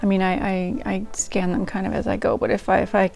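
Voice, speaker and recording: Her voice is medium-pitched, gravelly and darkish, with little pitch movement, and she speaks briskly. She's a host who reads old diaries on her channel, and here she rambles chattily to viewers with frequent ums and restarts over faint ragtime music.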